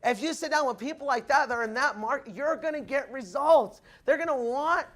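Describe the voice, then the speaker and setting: A man giving a loud, punchy motivational speech to new recruits, asking the crowd if they follow him, with the audience answering back. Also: very high voice, a little fast. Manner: acts out quoted people in changed voices. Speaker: motivational speaker at recruit orientation. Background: audience responding.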